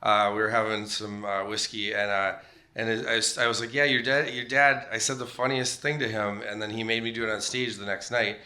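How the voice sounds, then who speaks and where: Man, middle-aged, bright voice, rambling self-deprecating stage storyteller, comedy club. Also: fairly low pitch, flat delivery, fairly quick. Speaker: comedian guest.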